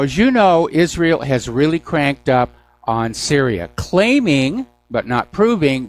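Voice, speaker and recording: A man at a studio microphone hosting a call-in news show. His voice sits at an ordinary middle pitch, and he runs through the headlines with a dry, sarcastic edge. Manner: sarcastic, mocking asides. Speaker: radio talk show host.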